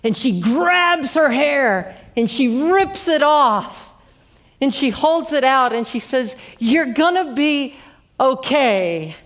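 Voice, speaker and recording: A woman's voice: sits high, expressive, slow, a bit bright. Woman, preacher, storytelling sermon, earnest, repeats her words. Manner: earnest, with frequent repeated "and, and" restarts.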